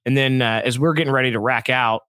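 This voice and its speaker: A man of middle pitch recounts a long story in an easy, measured voice, pausing often to gather his thoughts. The recording is dry and close. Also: no room sound. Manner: relaxed, measured, many fillers like um. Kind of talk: casual storytelling chat.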